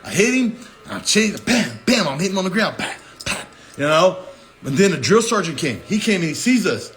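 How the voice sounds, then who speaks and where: A man's voice: high voice, big pitch swings, brisk, a bit bright. A man in his thirties telling a personal story in a loose, profane, conversational way. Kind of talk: casual spoken storytelling.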